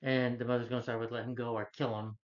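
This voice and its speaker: Guy doing a rambly casual movie review, mid-pitched voice, keeps restarting, kinda muffled lo-fi audio. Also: little pitch movement, quick pace. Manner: rambling, repetitive plot recap with restarts. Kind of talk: casual spoken film review. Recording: slightly dull, lo-fi recording.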